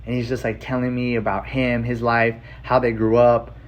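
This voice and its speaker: A man telling a personal story in a casual, rambling way, full of filler words and swearing, emotional and excited. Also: medium pitch, moderate pace. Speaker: vlogger.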